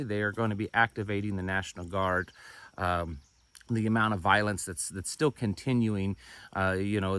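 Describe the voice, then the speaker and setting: Dry-sounding bright-voiced male commentator. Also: fairly low pitch, no echo. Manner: conversational, repeats words and restarts, skeptical asides. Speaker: homesteading channel host. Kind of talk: casual news commentary.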